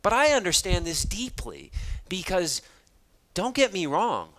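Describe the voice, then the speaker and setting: A man giving a motivational talk to students, telling stories in an animated way and acting out the dialogue with self-deprecating humor. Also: high voice, measured pace. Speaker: motivational speaker. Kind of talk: storytelling keynote talk to students.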